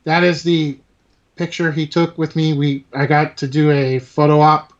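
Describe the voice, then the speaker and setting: Guy co-hosting a chat show, a bit high voice, lots of restarts, kinda muffled lo-fi audio. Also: little pitch movement. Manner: halting, many restarts, enthusiastic about collectibles. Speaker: podcast co-host. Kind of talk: casual chat.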